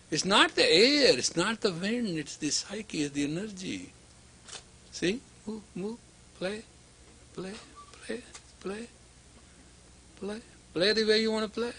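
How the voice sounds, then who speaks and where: Man, spiritual teacher, husky voice, lively swooping delivery, emphatic repetition. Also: high-pitched. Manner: emphatic, repetitive, acts out dialogue. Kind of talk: lecture to students.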